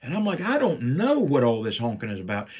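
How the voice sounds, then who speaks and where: Animated husky storyteller man. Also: fairly quick. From Virginia, USA. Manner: animated, jumps up in pitch when quoting himself. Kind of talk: personal storytelling.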